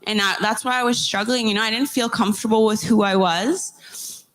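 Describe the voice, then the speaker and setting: A young adult woman hosting a podcast, sharing a heartfelt personal story in an earnest, emotional way, halting and restarting as she speaks. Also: fairly high pitch, fairly even intonation, a bit bright. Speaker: podcast host interviewing survivors.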